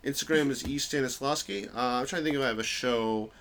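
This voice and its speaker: A man's voice: mid-range voice, quick pace, a little hiss or hum. A young man from New York, a comedian guest chatting casually on a podcast, rambling and cutting himself off mid-sentence. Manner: rambling, self-interrupting, animated bursts.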